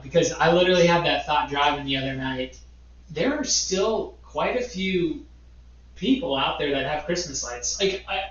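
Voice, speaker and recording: A man's voice: mid-range voice, distant mic. Teasing podcast man, echoey lo-fi. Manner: teasing, chatty interviewer. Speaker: podcast co-host. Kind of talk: casual chat. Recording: echoey, dull lo-fi room sound.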